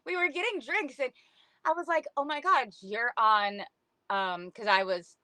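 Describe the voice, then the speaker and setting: A woman's voice: fairly high pitch, unhurried, sharp tone, dry recording. A middle-aged woman guest on a podcast, telling stories in a chatty way and acting out what people said. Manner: chatty, lots of "like", acts out quotes. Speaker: podcast guest, book influencer. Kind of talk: casual storytelling chat.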